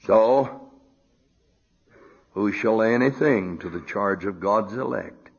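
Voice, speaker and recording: An older man preaching a sermon, animated, dropping to a low murmur and rising to high emphatic outbursts, on a dull lo-fi recording. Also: slow pace, creaky, husky.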